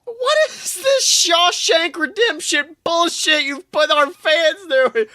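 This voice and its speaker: A woman podcast co-host in casual chat, reacting loudly and with exasperation. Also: very high voice, takes it slowly.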